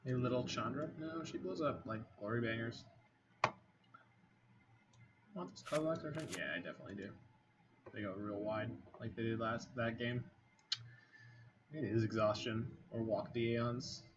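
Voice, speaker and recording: A man talks his way through a card game, weighing plays aloud and muttering asides to himself in a wry, easy tone. His voice sits at a middling pitch and comes through a slightly dull, lo-fi mic. Faint clicking and low noise run underneath. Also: normal speed. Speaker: game streamer. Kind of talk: casual commentary over a card game.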